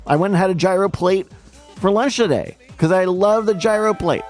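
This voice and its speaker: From a home streaming setup with a ring light, a man with a high voice calls marble races on a livestream at normal speed. He's a playful, self-mocking host who drifts into rambling stories full of restarts. Faint music plays behind him.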